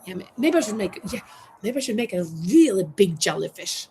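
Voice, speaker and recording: A woman's voice: medium pitch, sing-song, brisk, slight background noise, poor audio. A woman hosting a crochet livestream on a terrace, chatting casually and reading viewer comments aloud as she works. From Norway. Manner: chatty, reads viewer comments aloud, thinks out loud while working. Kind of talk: casual live chat while crocheting. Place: outdoor terrace.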